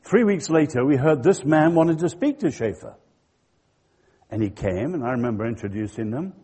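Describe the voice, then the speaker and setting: An older man giving a sermon-style lecture, emphatic and full of stories, with a husky voice. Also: mid-range voice, animated, normal speed, dark tone. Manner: emphatic, storytelling. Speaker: Christian speaker.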